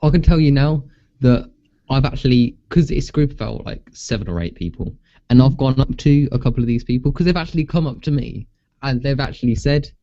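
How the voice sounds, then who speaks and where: A young man chats on a podcast, teasing his co-host with laughs and restarts. His voice is mellow and dark, and the recording sounds slightly muffled. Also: medium pitch, animated, brisk. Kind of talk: casual chat. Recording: dull lo-fi sound.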